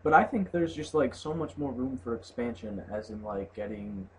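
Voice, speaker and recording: A young man with a mid-range, lively voice at normal speed reads on-screen game text aloud in a loose, mumbling way, skipping words, then chats casually about the game. He laughs and swears along the way, with faint background noise in the recording.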